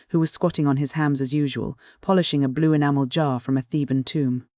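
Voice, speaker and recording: An audiobook narrator reading a classic mystery in a clear, measured literary style. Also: medium pitch, fairly even intonation, a little mellow, no room sound, studio quality.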